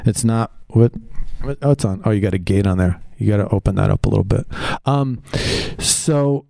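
A man in his forties giving a candid, profane personal share at a twelve-step meeting, halting with fillers, into a microphone. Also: lowish voice, gravelly, mellow, no room sound. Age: 40s. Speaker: member sharing at a recovery meeting. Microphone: handheld microphone on a PA.

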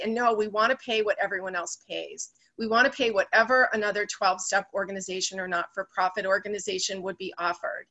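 A woman speaking earnestly at an online recovery meeting, conversational, with many fillers and pauses. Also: medium pitch, steady tone, pushed and bright. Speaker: member sharing at a recovery meeting. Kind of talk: personal share on a video call. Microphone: video call.

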